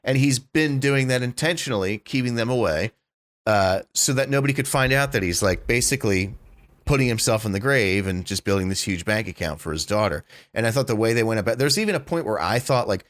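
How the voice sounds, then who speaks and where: A man co-hosting a podcast, talking excitedly in a casual way, full of "like" and "dude", with some swearing. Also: mid-range voice, fairly quick, no room sound. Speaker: podcast co-host. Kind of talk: casual chat.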